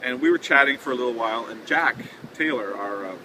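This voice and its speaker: A man's voice: medium pitch, a little fast. A man from a touring band telling a casual anecdote in a chatty way, laughing and using fillers. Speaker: touring band member telling a tour story. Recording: windy outdoor noise.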